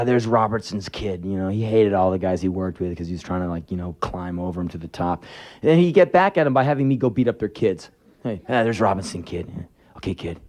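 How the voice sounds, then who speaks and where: This twenty-something man tells stories onstage at a live venue in a spoken word set, sardonic and full of profanity, yelping abruptly whenever he does voices. He speaks at a medium pitch with a darkish tone.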